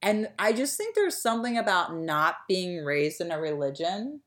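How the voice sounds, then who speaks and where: Low-voiced rambling woman. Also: big pitch swings, moderate pace. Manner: rambling, filler-heavy, trails off quietly. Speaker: podcast co-host. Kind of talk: casual chat.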